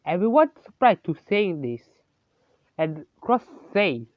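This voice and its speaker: A slow, halting storyteller who improvises a fan story and keeps correcting themselves mid-sentence. The voice sits at an ordinary pitch and is close and dry, with no room sound. The recording is dull and lo-fi. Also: big pitch swings, no echo.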